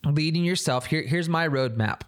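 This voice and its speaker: A man's voice: fairly high pitch, normal speed. A man hosting a faith-based leadership podcast, talking earnestly and conversationally and asking the listener searching questions. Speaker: church leader podcast host. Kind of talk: reflective podcast teaching.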